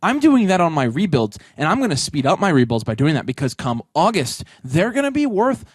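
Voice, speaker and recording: A man co-hosting a casual talk show, giving emphatic, rapid advice. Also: fairly high pitch, big pitch swings, breathy edge, no echo, clean studio sound. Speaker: podcast co-host. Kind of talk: casual chat.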